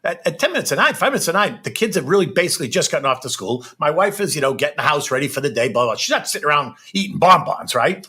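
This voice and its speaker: A middle-aged man telling a personal story as a podcast guest, animated and keeps checking in with "right?". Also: fairly high pitch, slightly rough.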